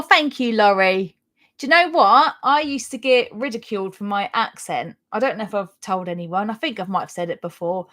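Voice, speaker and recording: A woman's voice: medium pitch, a bit bright. A woman in her thirties with a Norfolk English accent, hosting a casual crochet live stream, chatty and self-deprecating, laughing often. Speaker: crochet channel host.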